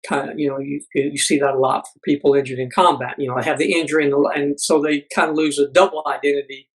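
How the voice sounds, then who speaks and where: A man's voice: a little high, little pitch movement, quick pace, breathy edge, rough recording. A middle-aged man, a podcast guest, telling a personal story earnestly, with frequent restarts and acted-out quotes. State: blind military veteran.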